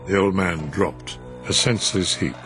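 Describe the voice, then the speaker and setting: A man narrating a story in an expressive, measured reading. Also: low voice. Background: music.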